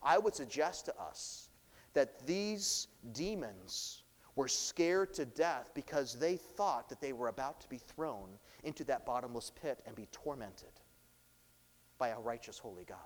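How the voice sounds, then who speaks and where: A pastor delivering a sermon, preaching with swelling, dramatic emphasis. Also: male voice, mid-range voice, animated, a little slow, long reverb tail.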